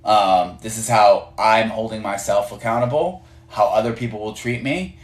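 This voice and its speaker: A man's voice: fairly low pitch, normal speed. A man teaching a casual management class on a live stream, talking loosely with many fillers and acting out short bits of dialogue. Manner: conversational, many fillers and restarts, acts out dialogue. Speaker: management coach. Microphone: phone on a live stream. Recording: roomy echo.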